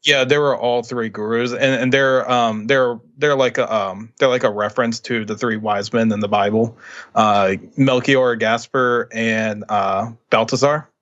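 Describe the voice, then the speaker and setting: A man's voice: mid-range voice, steady tone, a little slow, a bit bright. Male podcast co-host explaining lore, casual, slightly muffled lo-fi audio. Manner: explains game lore, hesitant fillers. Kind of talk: casual game discussion.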